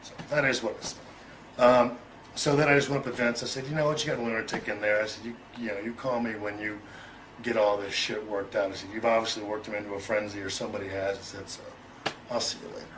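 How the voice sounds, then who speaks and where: Man, middle-aged, candid storytelling, profane, chuckles, acts out quarrels, bright voice. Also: fairly low pitch, level tone, fast talker, slight background noise, rough recording. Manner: loose and profane, with chuckles and restarts; acts out both sides of an argument. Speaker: interview guest.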